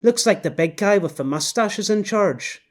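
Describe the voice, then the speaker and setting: A sardonic Canadian wife speaking in a high, lifted voice as a male audiobook narrator puts her on. Her remarks come out dry and ironic. It is a storybook character voice. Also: lively intonation, normal speed.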